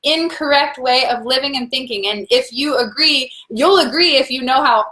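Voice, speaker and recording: A woman with a slightly high voice leads a live-stream tarot reading. She speaks warmly and encouragingly straight to her viewers, reads out their comments and laughs easily between thoughts. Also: moderate pace. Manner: warm, encouraging, talks to viewers as "guys".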